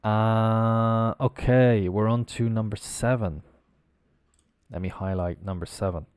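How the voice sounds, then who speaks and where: Man spelling out words in a dry, mellow voice. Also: fairly low pitch, fairly even intonation, smooth, no echo. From Ireland. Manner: spells words out slowly letter by letter; explains pronunciation while working on screen. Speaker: English teacher. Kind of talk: live-streamed spelling lesson.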